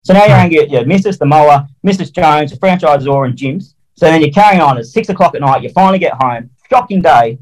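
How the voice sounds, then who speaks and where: A man's voice: fairly high pitch, lively intonation, fast talker, hardly any pauses, rough recording. A man telling a work story as an interview guest, blunt and colloquial, swearing freely and acting out little quotes. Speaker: interview guest, mowing franchisee.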